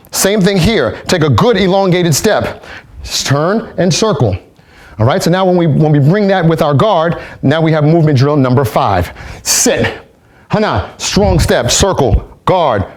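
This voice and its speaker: A man instructing kung fu movement drills, explaining steps calmly and barking out counts while demonstrating. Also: fairly high pitch, moderate pace.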